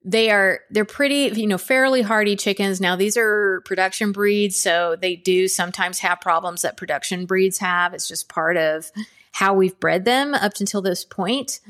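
A woman's voice: medium pitch, moderate pace, a bit bright. A woman hosting her own podcast, talking casually and chattily, often laughing and checking in with "okay?". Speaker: podcast host. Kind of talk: casual solo podcast talk.

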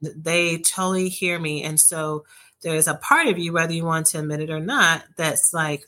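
A woman speaking as a guest expert, explaining relationship patterns in a measured, patient, reassuring way. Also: low-pitched, bright, forceful tone. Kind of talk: calm explanatory advice in conversation.

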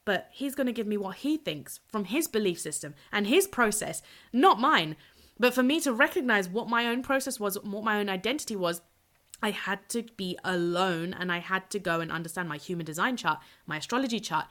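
Bright, blunt woman podcasting solo. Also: mid-range voice, fairly quick. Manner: blunt, swears freely, energetic and chatty. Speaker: podcast host and purpose coach.

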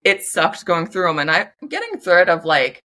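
A woman's voice: lowish voice, very animated, moderate pace, sharp tone. A young woman talking candidly to camera in a casual self-help monologue, chatty, full of "like" and swearing freely. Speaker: vlogger.

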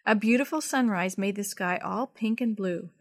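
A woman telling a chapter story aloud to children, gentle and expressive. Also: medium pitch, moderate pace, no echo, clean studio sound.

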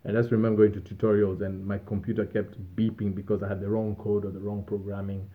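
A man's voice: lowish voice, level tone, quick pace, hardly any pauses. A man telling casual stories from his student days, rambling and laughing as he goes. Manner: laughing, rambling, self-amused. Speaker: vlogger. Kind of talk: casual storytelling. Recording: tinny phone-like audio.

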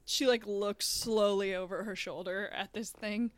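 A woman's voice: mid-range voice, steady tone, unhurried, dry recording. Playful woman player, dry sound. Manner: playful, chatty. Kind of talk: playing a tabletop game.

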